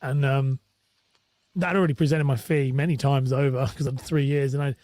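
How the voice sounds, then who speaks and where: A man's voice: mid-range voice, fairly even intonation, moderate pace, darkish tone, dry recording. A man with a British accent, a mortgage broker, chatting casually and telling a rambling, candid story with restarts and the odd swear word. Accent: British English. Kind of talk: casual podcast chat.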